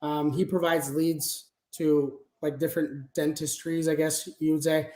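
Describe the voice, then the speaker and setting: A man's voice: on the high side, level tone, a little slow, a little mellow, echoey room. A man talking casually as an interview guest about managing a sales team, explaining things step by step with frequent fillers.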